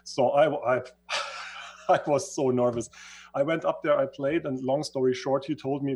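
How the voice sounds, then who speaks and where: Earnest husky man telling his story. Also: medium pitch, moderate pace, darkish tone. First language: not English. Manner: earnest, searching for words, repeats himself. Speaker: guest. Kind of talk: reflective storytelling in conversation.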